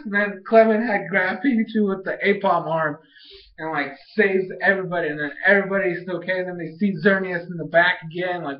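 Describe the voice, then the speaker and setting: An excitable young man with a high voice rambles through a casual episode recap and jumps up in pitch to act out quotes. He sounds like he is in a bare, echoey room. The recording is dull and lo-fi. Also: moderate pace. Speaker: video reviewer.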